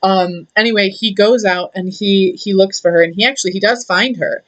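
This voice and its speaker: Casting: young woman, casual irreverent storyteller, filler-heavy chat, mid pitch. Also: a little fast. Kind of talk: casual myth retelling.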